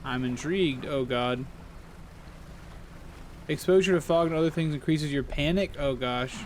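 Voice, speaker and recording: A man giving animated let's-play commentary, reading game text aloud and exclaiming as he plays. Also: on the high side, normal speed, a little hiss or hum. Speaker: gaming channel host. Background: game music.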